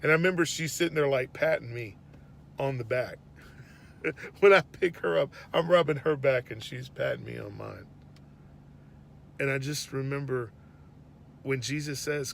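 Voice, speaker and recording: A man telling an earnest, reflective faith story about his daughter, often dropping to a hush. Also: mid-range voice, moderate pace, vocal fry, pauses often, a little hiss or hum. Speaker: father sharing a faith reflection. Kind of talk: personal devotional storytelling.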